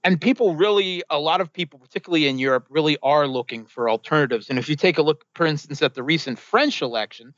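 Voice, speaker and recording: A man, a guest analyst on a talk show, giving political commentary in a measured way, with many fillers and restarts. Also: a little high, fairly bright tone, no room sound, muffled recording.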